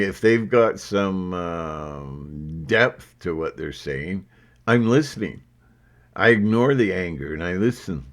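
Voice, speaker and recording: A man's voice: sits low, creaky. A man hosting his own channel, talking in a rambling, defiant monologue full of fillers and restarts. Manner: defiant, unfiltered, hesitant with many fillers. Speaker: channel host.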